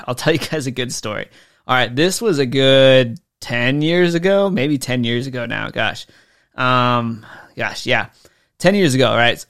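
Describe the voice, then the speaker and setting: A man's voice: mid-range voice, a bit bright, clear, resonant tone. A man in his thirties, a business coach, talking casually to viewers and telling a story, with many fillers and acted-out quotes. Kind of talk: casual talking-head explainer.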